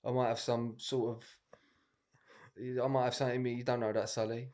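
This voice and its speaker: A man's voice: medium pitch, little pitch movement, fairly quick, darkish tone, close to an everyday voice. A man playing a cocky young gangster who taunts his rival in a boastful way.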